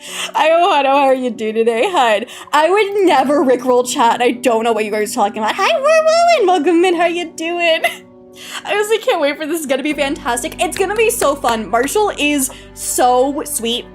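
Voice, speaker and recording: A young woman streamer chatting casually with her live chat, bubbly and giggly, greeting viewers warmly. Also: sits high, animated, moderate pace. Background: faint background music.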